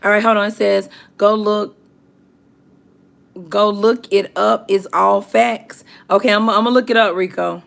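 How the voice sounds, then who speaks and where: A woman's voice: mid-range voice, fairly even intonation, measured pace, creaky, fairly bright tone. A woman hosting a livestream, chatting casually with viewers and reading out their comments in a chatty, emphatic way. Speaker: livestream host.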